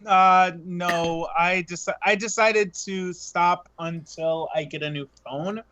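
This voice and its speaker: A man co-hosting a podcast, talking in a halting, casual way with some swearing. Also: high voice, fairly even intonation, bright, forceful tone, lo-fi sound. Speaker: podcast co-host.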